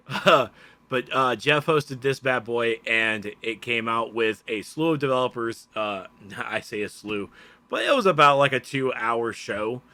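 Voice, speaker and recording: A man with a Southern American accent co-hosting a casual gaming news show in an animated, chatty way. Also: mid-range voice, unhurried, no echo. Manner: animated, laughing, loose and chatty. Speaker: podcast co-host.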